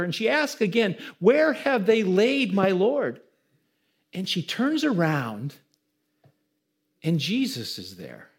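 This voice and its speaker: Male pastor, high voice, preaching with rising emphasis and questions to the room. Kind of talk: sermon.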